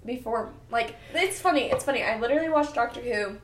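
A woman's voice: a little high, fast. A young woman co-hosting a podcast, chatting casually, laughing often and swearing freely. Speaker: podcast co-host. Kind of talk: casual chat. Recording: echoey room.

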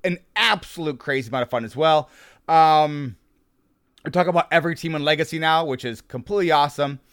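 A man's voice: a little high, brisk, fairly bright tone, smooth, no room sound, studio quality. A man hosting a podcast in casual chat, upbeat and rambling, with lots of fillers and restarts. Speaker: podcast host.

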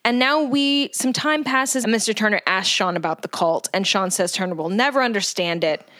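A woman's voice: medium pitch, moderate pace, fairly bright tone, dry recording. A woman co-hosting a podcast, casually recapping a story and adding dry, sardonic asides. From living in Los Angeles. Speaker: podcast co-host. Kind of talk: casual chat.

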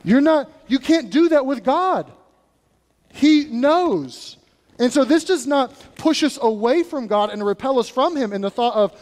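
A male pastor giving a sermon in an animated, conversational way, with acted asides, in a church sanctuary. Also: very high-pitched, measured pace, in a large hall.

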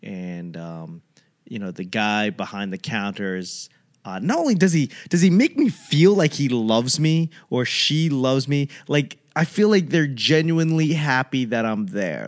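A man's voice: mid-range voice, expressive, measured pace. Guy ranting casually, swears a lot, rambles, does little voices for people. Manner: rambling, profane, acts out quoted voices. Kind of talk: casual comedic rant.

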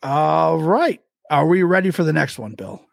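A man with a gravelly, husky voice hosts a casual quiz game, joking and running himself down. His pitch swings widely as he talks. The sound is dry and close. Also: expressive, a little slow, no room sound. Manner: self-deprecating, joking. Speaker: quiz host.

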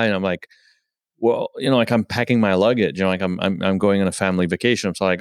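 A man's voice: low-pitched, fairly even intonation, quick pace, no echo, studio quality. A man hosting a conversation who rambles, full of "you know, like" fillers. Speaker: host. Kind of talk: casual conversation.

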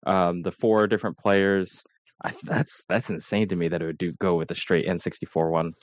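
Low-voiced man chatting about games. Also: little pitch movement, moderate pace, no room sound. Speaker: podcast co-host. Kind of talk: casual gaming podcast chat.

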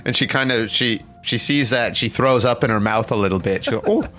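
A man narrating a tabletop game as game master, playful and animated. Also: medium pitch, brisk, soft background music.

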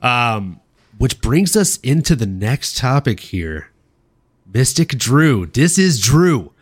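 A man from Louisiana hosting a casual livestream podcast, excitable and swearing freely, often laughing. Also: medium pitch, takes it slowly, breathy edge. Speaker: podcast host.

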